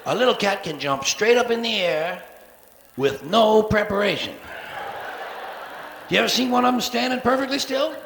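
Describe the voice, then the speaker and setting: A man's voice: high-pitched, expressive, moderate pace, long pauses, fairly bright tone, reverberant, a little hiss or hum. A man in his forties doing a profane, sarcastic stand-up routine on a live theater stage, recorded from the soundboard. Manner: profane, sarcastic, acts out cat voices. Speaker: stand-up comedian.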